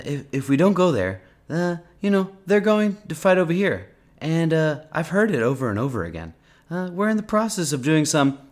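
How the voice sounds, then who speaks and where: A man's voice: fairly high pitch, pitched above the performer's own voice. A man doing a blustery, rambling politician impression. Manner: rambling, repetitive, with drawn-out filler "uh"s.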